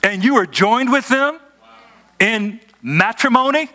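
A man's voice: very high voice, a little slow, bright, forceful tone. A man preaching a sermon as pastor, emphatic and conversational, asking his congregation rhetorical questions.

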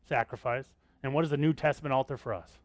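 A man's voice: mid-range voice, quick pace, dry recording. A man preaching a sermon as pastor, talking conversationally and often asking the congregation questions.

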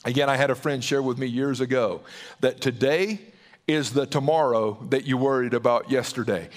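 A man's voice: medium pitch, steady tone, normal speed. A man with a Southern accent, preaching a sermon as a pastor, earnest and emphatic, often repeating words and restarting phrases.

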